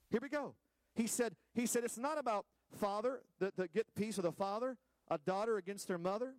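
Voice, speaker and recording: A man preaching a sermon to his congregation, animated, with playful asides to the listeners and drawn-out words for emphasis. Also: sits high, no echo. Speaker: pastor.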